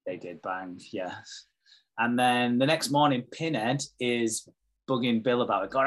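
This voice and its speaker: A man's voice: medium pitch, measured pace, fairly bright tone. Sweary man recapping a show. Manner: sweary, retells scenes with quoted voices. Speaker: podcast co-host. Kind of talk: casual chat recapping a show.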